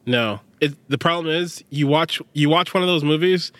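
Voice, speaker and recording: Guy rambling on a podcast, lotsa "like", slightly high voice, dry close mic. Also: moderate pace, fairly bright tone, no echo. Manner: rambling, lots of fillers and laughter. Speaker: podcast co-host. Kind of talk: casual chat.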